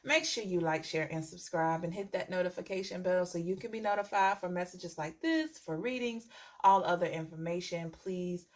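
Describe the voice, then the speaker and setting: A woman's voice: lowish voice, moderate pace. Chatty woman tarot reader. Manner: chatty, repeats phrases, frequent "okay?". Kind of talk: casual storytelling to viewers.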